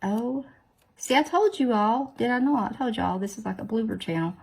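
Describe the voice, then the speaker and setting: A woman's voice: fairly high pitch, normal speed, vocal fry, slightly rough. A woman hosting a nail video, chatting casually, self-deprecating and full of exclamations. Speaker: nail tutorial host. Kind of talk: casual chat while doing nails.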